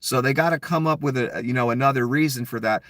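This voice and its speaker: A man's voice: medium pitch, quick pace, fairly bright tone, dry recording. A man giving a blunt, mocking solo commentary, full of profanity. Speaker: political commentator.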